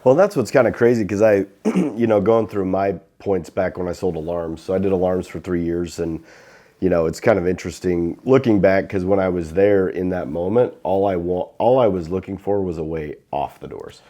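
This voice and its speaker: A man hosting a podcast in casual conversation, relaxed and quick with short agreeing replies. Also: sits low.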